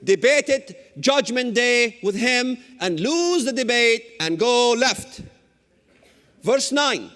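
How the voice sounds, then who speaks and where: A middle-aged man delivers a fiery sermon in a strikingly high, lively voice, with swooping pitch. He stresses his points with sudden shouts and teasing asides. His words ring out with a long hall echo. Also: slow. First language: Arabic. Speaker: preacher. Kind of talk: fiery sermon lecture on scripture.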